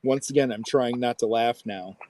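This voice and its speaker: In a dry recording, a man in his thirties relates a story on the podcast he co-hosts, bringing it to life by acting out people's words. He speaks at a moderate pace with a medium pitch.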